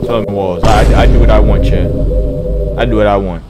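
A young man giving casual, slang-heavy commentary on a game, excitable and repeating his phrases. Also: lowish voice, normal speed, poor audio. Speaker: gaming YouTuber. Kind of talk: let's play commentary. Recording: commentary over loud game music.

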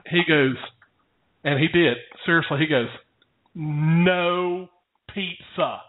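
A man's voice: on the high side, normal speed. A man casually telling a rambling story to his co-host, often chuckling. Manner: rambling, chuckling anecdote teller. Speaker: podcast co-host. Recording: tinny phone-like audio.

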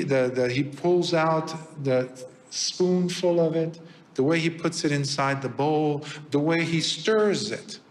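A Buddhist monk's fairly high voice carries through a temple prayer hall as he tells a story during a dharma talk, pausing and using fillers. There's slight background noise.

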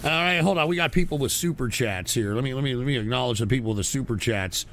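A man hosting a call-in show, loud, abrasive and swearing as he banters with callers. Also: mid-range voice, fast talker, slight background noise. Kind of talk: profane call-in radio banter.

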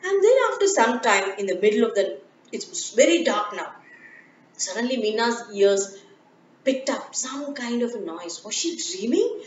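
A woman narrating a children's story slowly and gently, with occasional fillers. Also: fairly high pitch, big pitch swings, a little hiss or hum. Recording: dull, echoey room, from far off.

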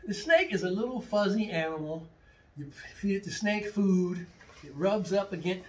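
A man's voice: high-pitched, a little slow, pushed and bright, distant mic. A man leading a children's martial arts class, playfully pretending to be confused and repeating himself as he coaches.

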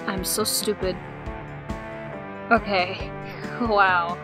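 A woman commentating as she plays a video game, excitable and quick to swear when surprised. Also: mid-range voice. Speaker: gamer. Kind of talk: let's play commentary. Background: game music.

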